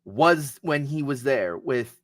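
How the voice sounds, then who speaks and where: A man co-hosting a wrestling podcast in casual chat, excitable and often stammering through restarts. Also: mid-range voice, slow pace, no room sound. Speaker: podcast co-host.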